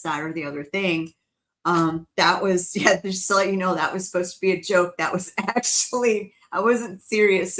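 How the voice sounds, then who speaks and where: A woman co-hosting a paranormal podcast, chatting casually, animated and laughing often between quick asides. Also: fairly low pitch. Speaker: podcast co-host.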